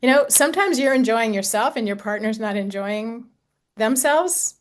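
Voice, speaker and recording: A woman in her sixties, an intimacy coach talking gently and reflectively to a group, with casual fillers. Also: a little high, animated, normal speed. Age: 60s. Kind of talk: talk to a group.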